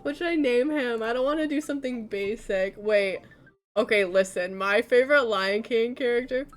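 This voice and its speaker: A woman's voice: fairly high pitch, normal speed, soft background music. A young woman streaming a game, chatting casually with her chat and laughing often. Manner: chatty, giggly, talking to chat.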